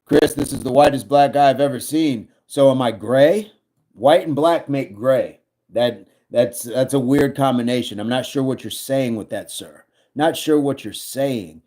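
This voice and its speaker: Male stream host, mid-pitched, breezy and teasing, reading chat aloud between workouts. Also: unhurried, warm tone. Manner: playful, jokey, reads viewer comments aloud and answers them. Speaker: livestream host. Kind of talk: casual livestream chat reading comments.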